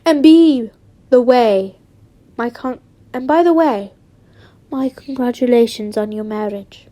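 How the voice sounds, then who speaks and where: A woman voicing a kindly, calm elderly male wizard headmaster in a fan fiction reading, in a halting, plain read manner. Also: on the high side.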